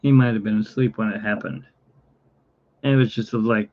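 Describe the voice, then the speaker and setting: A man vlogging casually at home, rambling to the camera and talking softly to his cat. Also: fairly even intonation, moderate pace. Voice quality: gravelly, husky. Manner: rambling, talks to his cat, often drops to a low, quiet voice. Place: home, indoors. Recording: dull lo-fi home recording.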